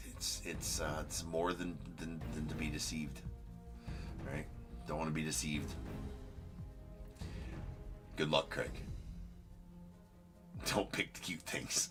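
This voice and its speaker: A man hosting a live card-breaking stream, joking and teasing a viewer as he gives casual commentary. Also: very deep voice.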